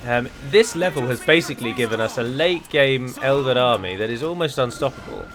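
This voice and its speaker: An English man narrating his own playthrough of a strategy game. He talks casually at a middling pitch and drifts into chatty asides as he plays. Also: animated, a little fast, a bit bright. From England. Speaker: gaming YouTuber. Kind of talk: let's play commentary.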